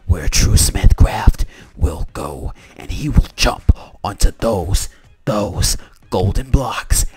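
A man putting on a solemn movie-trailer narrator in a hushed, breathy whisper, as whispered role-play. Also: sits low, pitched below the performer's own voice.

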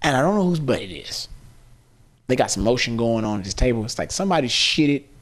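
A man hosting a podcast, telling a story in casual chat, animated and laughing often as he acts out quotes. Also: mid-range voice, fast. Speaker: podcast host. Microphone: podcast studio mic.

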